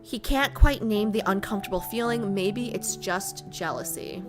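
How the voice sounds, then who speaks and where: A woman's voice: mid-range voice, moderate pace, music in the background. A woman streamer chatting playfully with her viewers and reading a game story aloud. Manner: chatty and playful, teasing herself and her chat.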